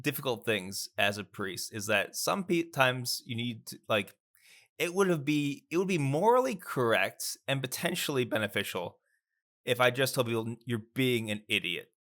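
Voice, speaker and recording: Man priest, lively story delivery, bright tone. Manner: animated storyteller, lively pitch. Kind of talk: casual storytelling chat.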